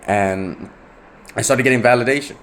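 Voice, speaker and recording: A young man from Nepal with a mid-range, slightly bright voice tells a personal story at normal speed. He rambles casually, repeats himself and fills his speech with "like" and "right?".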